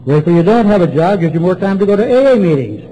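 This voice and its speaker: A man voicing his blunt, no-nonsense male sponsor, brisk and insistent. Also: high voice, expressive, warm tone, pitched above the performer's own voice, rough recording.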